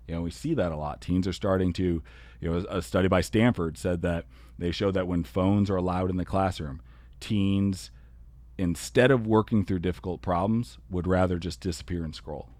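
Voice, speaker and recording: A man with a very low voice talks through a solo podcast episode as an educator. He keeps it earnest and conversational and leans on "you know" and "kinda" as he explains. The sound is close and dry, with no room around it. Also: normal speed, a little mellow, no room sound.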